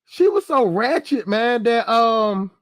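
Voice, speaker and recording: Brief: high-pitched man, dry close sound, casual profane storyteller who keeps checking in with the audience. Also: expressive, takes it slowly, fairly bright tone, dry recording. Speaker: channel host.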